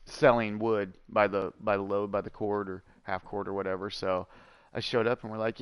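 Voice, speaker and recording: A man's voice: fairly low pitch, little pitch movement, moderate pace, smooth, no room sound. A man streaming a video game, rambling casually and chatting with his viewers, with many fillers and asides. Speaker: gaming streamer. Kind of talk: casual storytelling while gaming.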